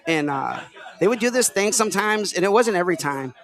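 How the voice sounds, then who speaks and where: A man's voice: sits high, animated, fairly quick. A man from Illinois hosting a casual podcast, talking in a rambling, filler-heavy way. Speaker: podcast host. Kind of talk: casual chat.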